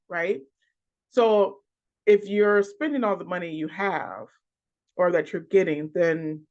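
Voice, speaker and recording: On a dull lo-fi recording, a medium-pitched financial coach gives a class lecture. The delivery is halting, moving through a list of points with repeated words and frequent restarts.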